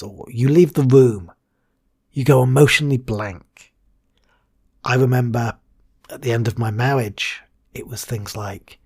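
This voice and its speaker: A man with a husky voice delivers a scripted educational talk as a hypnotherapist and coach. His pitch swings widely between punchy highs and low, breathy asides. He lands key words in a hushed whisper for dramatic effect.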